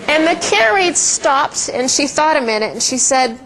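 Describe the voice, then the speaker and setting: A woman's voice: sits high, lively intonation, normal speed, few pauses, fairly bright tone, slight background noise, low-quality recording. A middle-aged woman giving a conversational lecture presentation, telling stories with frequent ums and restarts. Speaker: presenter and educator.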